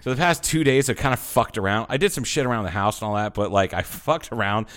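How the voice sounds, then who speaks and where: A lower-pitched man swears his way through a loose, rambling story. He keeps acting out the quotes as he co-hosts a casual podcast chat. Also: quick pace, a bit bright. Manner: profane, rambling storyteller who acts out quotes. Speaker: podcast co-host.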